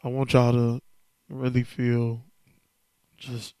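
A man's voice: mid-range voice, completely flat delivery, takes it slowly, warm tone, clean tone, dry recording, clean studio sound. Candid man talking into a podcast mic. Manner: candid, loose and conversational, slangy. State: emotional, worn down. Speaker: podcast host. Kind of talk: casual solo podcast monologue.

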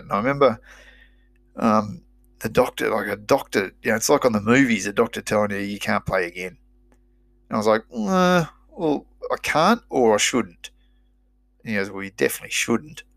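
Aussie bloke, middle-aged, gravelly low voice, swears a lot, rambles, dry close sound. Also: male voice, a bit bright, no echo. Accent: Australian. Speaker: former rugby player. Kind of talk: casual storytelling.

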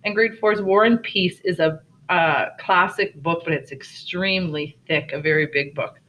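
A teacher reading a novel aloud to children, pausing to explain the story, on a dull lo-fi recording. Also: medium pitch, a bit bright, a little hiss or hum.

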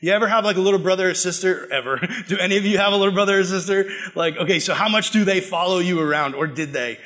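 A man's voice: sits high, fast talker. A young man giving a casual, joking sermon to students, acting out voices as he tells stories. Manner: animated, joking, acts out quoted voices. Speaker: youth pastor.

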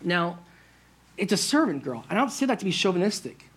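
A man's voice: high-pitched, sing-song, brisk, fairly bright tone, husky. A man preaching a sermon as pastor, talking in a conversational way and addressing the church directly. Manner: conversational, asks the church "right?".

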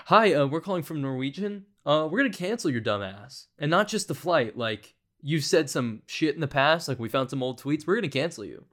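A man's voice: a little high, animated, a little fast, hardly any pauses, a bit bright. A man doing a rude airline phone agent. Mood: mock-polite. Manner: mock-polite, insulting.

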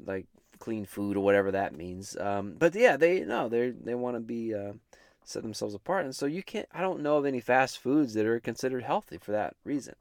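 A man's voice: mid-range voice, animated, fairly quick, darkish tone, no room sound, clean studio sound. A man hosting a casual chat, rambling and joking with many restarts. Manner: rambling, self-interrupting, jokey. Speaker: host.

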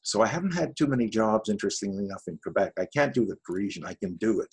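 Casting: deep, husky, gravelly man from Canada; easygoing interview guest, wry. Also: racing, rough recording. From Canada, Ottawa area. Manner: relaxed, anecdotal, wry humor. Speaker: voice actor guest. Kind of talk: casual interview talk.

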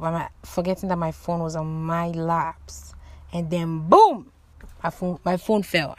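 Lively woman telling a story. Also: lowish voice, no room sound. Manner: animated, dramatic storytelling with loud exclamations; swears casually. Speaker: vlogger. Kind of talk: casual storytime to camera.

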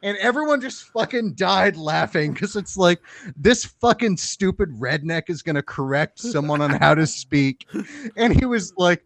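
A man's voice: high voice, expressive, normal speed, vocal fry, a bit bright, no echo. A young man from Oklahoma telling crude, self-mocking stories on a podcast, laughing through them. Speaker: podcast guest, comedian. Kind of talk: casual storytelling chat.

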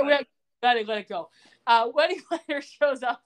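A woman's voice: high-pitched, moderate pace. A woman hosting a podcast, recapping a TV episode in casual chat and acting out the characters' lines. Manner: animated storytelling, acts out quoted lines.

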